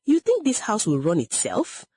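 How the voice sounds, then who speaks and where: A woman's voice: medium pitch, huge pitch swings, moderate pace, warm tone, slightly rough, dry recording, voice pushed up. A woman voicing a harsh, cruel middle-aged stepmother who scolds with contempt. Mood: scolding.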